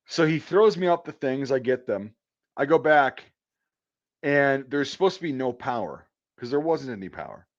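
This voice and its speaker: A man's voice: mid-range voice, expressive, normal speed, lo-fi sound. Man telling a rambling, profane story. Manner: profane, rambling, full of fillers. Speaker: electrician. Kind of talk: casual storytelling on a podcast.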